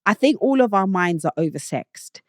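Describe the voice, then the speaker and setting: A woman's voice: mid-range voice, animated, normal speed, dry recording, clean studio sound. A British woman hosting her own show, giving blunt, opinionated takes in a casual monologue that rises to indignant outbursts. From Britain. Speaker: show host.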